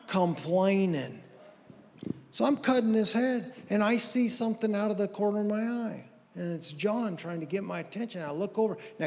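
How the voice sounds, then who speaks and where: A man's voice: high voice, gravelly, a little mellow, in a large hall. A middle-aged man telling folksy, self-deprecating stand-up stories from a stage, acting out the lines of people in them. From American Southwest. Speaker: stand-up comedian. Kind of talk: stand-up storytelling. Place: church hall with audience.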